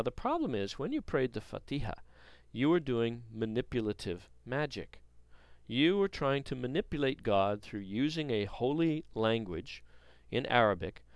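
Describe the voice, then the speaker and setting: A man's voice: medium pitch, no echo. A man teaching a Bible lesson, telling a story in an earnest way with frequent hesitations.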